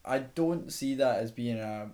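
A man's voice: mid-range voice, measured pace, warm tone. A man co-hosting a casual film review chat, loose and swearing freely. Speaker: film podcast co-host.

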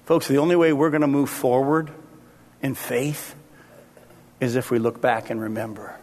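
A man preaching a sermon as pastor, animated and acting out the voices he quotes. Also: medium pitch, moderate pace. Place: church sanctuary. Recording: long reverb of a church hall.

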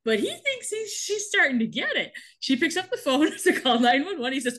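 A woman with a bright, slightly high voice recaps a show in casual chat. She laughs often and swings into quick impressions of the characters. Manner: animated, laughing often, acts out characters' lines. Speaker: podcast co-host recapping a TV episode.

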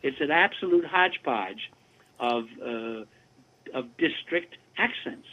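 A man in his seventies, a voice actor guest telling animated, chatty anecdotes in a casual interview over a remote call. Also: medium pitch, slow. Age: 70s. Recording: tinny phone-like line.

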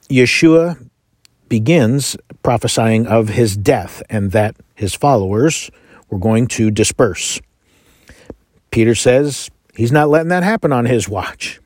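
A man teaching a Bible lesson, reading scripture aloud and explaining it in a measured, earnest way. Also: mid-range voice, a little mellow, no echo, studio quality.

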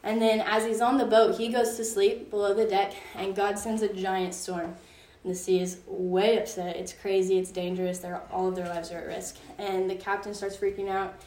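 A woman's voice: mid-range voice, flat delivery, normal speed, hardly any pauses, darkish tone. A young woman gives a casual Bible lesson to a group, talking in a loose, chatty way and leaning on "like" as she retells the story. She sounds a bit far from the mic, in a roomy space with a faint hum of room ambience behind her. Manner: chatty, filler-heavy storytelling with frequent "like". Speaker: youth Bible study leader. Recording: roomy echo from a distance.

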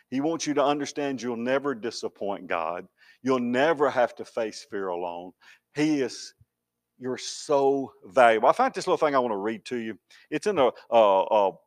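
A man pastor preaching a sermon, emphatic, swinging between loud declarations and hushed words. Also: medium pitch.

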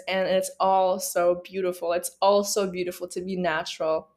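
A woman hosting her own podcast, talking in a casual, earnest and heartfelt way. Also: medium pitch. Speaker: podcast host. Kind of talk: casual solo podcast talk.

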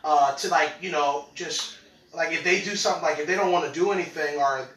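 A man playing a hesitant male doctor who explains things haltingly with many fillers. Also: on the high side, fairly bright tone, far from the mic, voice pushed down, natural voice. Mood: explaining. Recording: roomy, away from mic.

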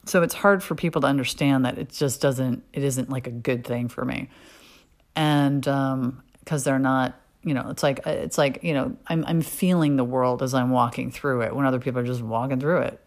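A woman's voice: a bass voice, steady tone, moderate pace. A middle-aged woman speaking frankly and casually about her own life, swearing freely, full of fillers and restarts. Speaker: podcast host. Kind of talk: candid personal monologue.

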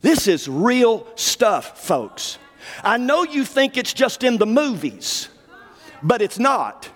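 Fervent high-voiced male preacher. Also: very animated, slow, big-room sound. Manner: fervent, swings from low asides to shouted declarations. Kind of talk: sermon.

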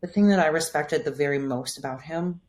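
A woman physical therapist and coach, talking through her thinking in a relaxed podcast interview, filling her speech with "like.". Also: low-pitched, a little fast. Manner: thoughtful, explanatory, frequent "like" fillers.

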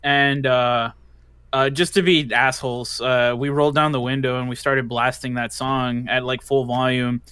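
A man's voice: medium pitch, level tone, moderate pace, bright, forceful tone, clear, resonant tone, no room sound. A young man co-hosting a casual podcast chat, telling rambling stories with many fillers. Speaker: podcast co-host.

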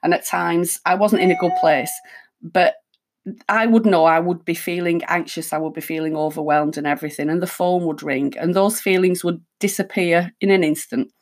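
A woman hosting a reflective self-help talk, speaking calmly and conversationally as she thinks aloud. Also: fairly low pitch, moderate pace. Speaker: host.

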